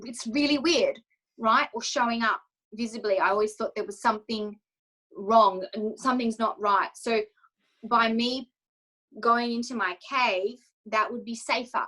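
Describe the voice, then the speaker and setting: Earnest woman coach with a high voice. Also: fairly bright tone, low-quality recording. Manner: emotional, acts out her own inner dialogue. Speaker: confidence coach, interview guest. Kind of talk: candid personal story in an interview.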